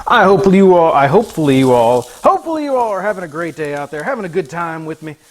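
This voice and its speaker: Very animated and fast, a man with a voice on the high side hosts a casual cooking livestream from his home kitchen. He's goofy, talking to the chat and his pets while he cooks, with food sizzling in a pan behind him.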